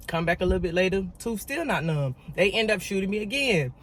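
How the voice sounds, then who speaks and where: With slight background noise, a woman tells a story briskly at a medium pitch in a casual vlog. She speaks directly to her viewers, animated and emphatic, repeating words to stress them.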